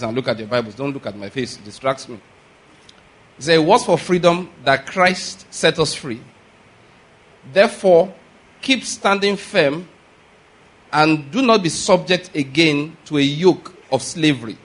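Emphatic male preacher. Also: on the high side. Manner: emphatic, addresses congregation directly with questions. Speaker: pastor. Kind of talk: sermon.

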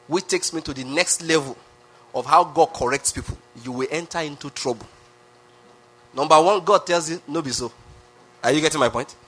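A Nigerian-accented pastor preaching a sermon with emphatic repetition, often asking the congregation questions. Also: male voice, on the high side, fairly quick, a bit bright, slightly rough. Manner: emphatic, repeats phrases, asks the crowd questions.

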